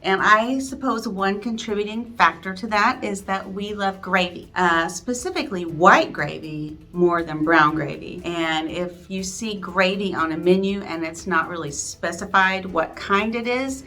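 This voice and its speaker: A woman's voice: mid-range voice, unhurried, hardly any pauses, sharp tone. A woman, a real estate agent talking through casual advice for newcomers in a friendly, chatty way with self-deprecating asides. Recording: faint background music.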